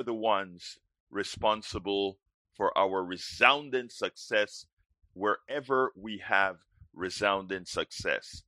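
Male call-in show host, preachy and emphatic, sharp tone, low voice. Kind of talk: call-in political talk show.

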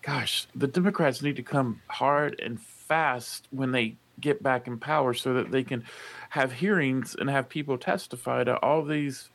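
A man's voice: medium pitch, unhurried, gravelly, fairly bright tone. A man co-hosting a political talk show, speaking urgently and insistently. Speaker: podcast co-host. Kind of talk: casual political chat.

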